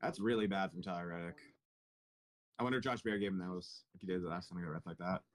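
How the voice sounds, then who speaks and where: A man's voice: sits low, steady tone, fast. A man hosting a casual race watch party from home, joking and swearing freely as he reacts to the race. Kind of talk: casual chat over a live race.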